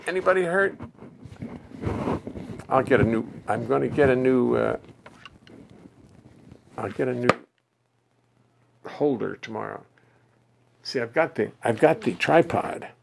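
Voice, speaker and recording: Gravelly-voiced man musing on a phone stream. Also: animated, unhurried, long pauses, slight background noise. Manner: musing, easygoing, talks to himself. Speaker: musician hosting a livestream. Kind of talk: casual rambling chat between songs. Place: home music studio. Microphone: phone on a stand. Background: his own double bass playing.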